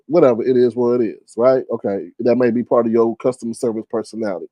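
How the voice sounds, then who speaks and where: A man hosting a casual livestream, telling stories in a gossipy, profane way with big jumps in pitch. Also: fast, hardly any pauses, dark tone, no echo. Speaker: livestream host. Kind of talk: casual livestream chat and storytelling.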